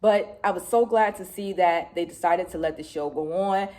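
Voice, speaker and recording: A middle-aged woman from Detroit, a music vlogger telling a casual recap to her phone camera, lively, swearing freely and acting out what people said. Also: lowish voice, normal speed. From Detroit, USA.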